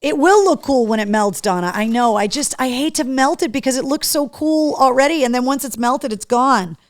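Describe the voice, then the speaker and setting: A woman hosting a casual live show, chatty and excitable, talking to her dog between opening gifts from fans. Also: sits high, moderate pace, no echo, studio quality. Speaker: host.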